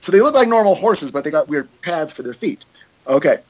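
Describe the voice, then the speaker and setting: A man's voice: fairly high pitch, sing-song, brisk. A man in casual podcast chat, loose and joking as he reads passages aloud.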